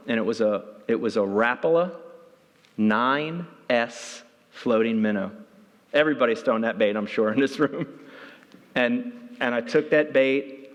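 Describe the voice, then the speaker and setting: A man giving a conference talk, telling a story with energy, and his voice jumps high when he gets excited. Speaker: keynote speaker. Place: large hall. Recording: reverberant hall.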